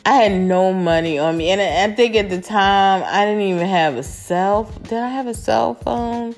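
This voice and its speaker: A woman casually telling a story from her dating life, animated and swearing freely, with a lively, expressive delivery. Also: mid-range voice, moderate pace, soft background music. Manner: animated, chatty, swears casually, quotes others in raised voices.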